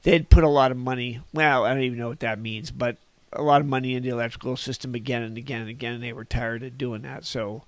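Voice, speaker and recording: Guy in his 60s, from northern california, rambly folksy storyteller, mid-pitched voice, dry close sound. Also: steady tone, fast talker, hardly any pauses, no echo. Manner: rambling, folksy, chuckles at his own stories. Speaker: podcast guest. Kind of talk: casual reminiscing storytelling.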